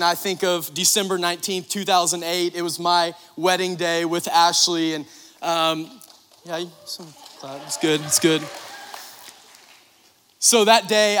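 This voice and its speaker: A man's voice: high voice, fairly bright tone. A man in his thirties preaching a sermon, telling personal stories in a chatty way and often asking "right?". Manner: chatty storytelling with frequent "right?" and "like". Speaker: pastor. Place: church sanctuary. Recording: long hall reverb.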